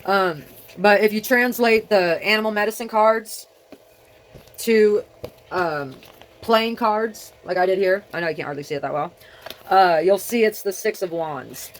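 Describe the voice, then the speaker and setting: A woman's voice: medium pitch, unhurried. A middle-aged woman vlogging alone, rambling in a scattered way, often trailing off mid-thought. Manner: scattered, talking to herself, trailing off. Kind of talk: rambling solo video chat.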